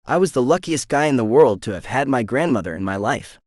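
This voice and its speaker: A male narrator telling a first-person romance with expressive, animated delivery. His pitch travels widely through each line, and the recording is dry and close. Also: fairly quick, no room sound. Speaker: audiobook narrator.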